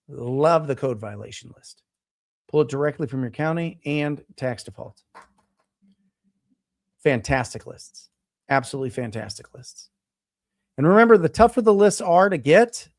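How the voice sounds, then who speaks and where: Middle-aged male coach, slightly high voice, animated emphatic motivational talk. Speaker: real estate coach and show host.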